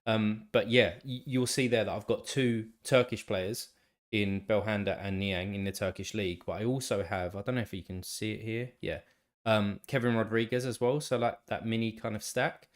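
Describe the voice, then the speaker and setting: A congested man with a nasal, slightly tired voice that sits a little low. He hosts a laid-back live stream and rambles along, restarting his sentences and answering viewers by name. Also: fairly even intonation, moderate pace. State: congested, still a bit tired. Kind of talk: casual live stream chat.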